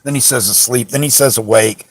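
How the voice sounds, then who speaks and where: A frustrated man vents at length about a police encounter, rambling and indignant, circling back with restarts and fillers. His voice sits at an ordinary middle pitch and is recorded dry and close, with no room echo. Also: brisk. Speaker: channel host recounting a police encounter. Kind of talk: casual rant to camera. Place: parked car.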